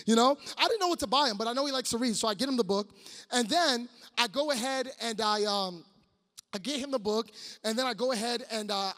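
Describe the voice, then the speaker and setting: A man in his thirties giving an animated, joking sermon to students, sometimes breaking into shouts. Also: extremely high pitch. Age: 30s. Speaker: youth speaker. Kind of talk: comic sermon storytelling. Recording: long hall reverb.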